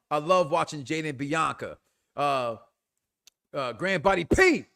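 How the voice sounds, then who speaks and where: A man hosting a wrestling talk show, giving an impassioned commentary rant that is emphatic and full of repetition. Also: fairly high pitch. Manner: animated, emphatic, repeats himself.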